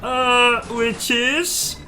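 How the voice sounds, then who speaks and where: Man playing a meek, high, bright-toned assistant, slow and umming, faint music behind. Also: full character voice. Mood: hesitant. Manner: starts nearly every line with a nervous "um" or "uh". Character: timid, hesitant male sidekick assistant.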